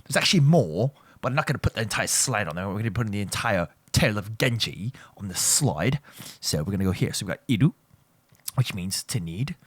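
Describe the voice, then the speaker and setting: The teacher's voice is fairly low, expressive, and slightly rough, a little fast and recorded dry. In a playful Japanese lesson, he ribs his students, repeats himself, and corrects his own points along the way.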